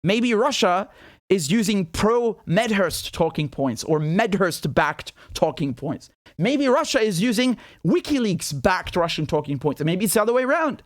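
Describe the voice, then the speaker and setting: A British man hosts his own commentary show, speaking in a notably high voice. He sounds sarcastic and incredulous and keeps circling back with repeated rhetorical questions. The recording is dry and close, with no room sound. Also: very animated, moderate pace, no echo. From Britain. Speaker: independent journalist and show host. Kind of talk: commentary monologue to camera.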